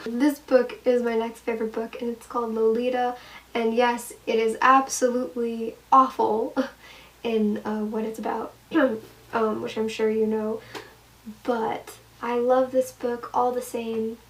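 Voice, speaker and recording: A woman's voice: fairly high pitch, fairly even intonation, a little slow, recorded from a distance, rough recording. Giggly young woman chatting off-mic. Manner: giggly, chatty, self-deprecating. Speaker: vlogger answering fan questions. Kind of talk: casual chat. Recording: from the mic, faint room noise.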